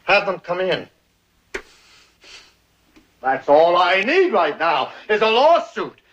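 An actor playing an excitable, exasperated agency boss, blustering in 1960s sitcom style. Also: male voice, sits high, slow, muffled recording, exaggerated voice.

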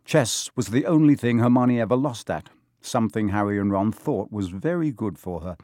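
A male audiobook narrator with a lowish voice, telling the story at a measured pace. The recording is close and dry, with no room sound. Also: expressive, warm tone, no room sound. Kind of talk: scripted narration.

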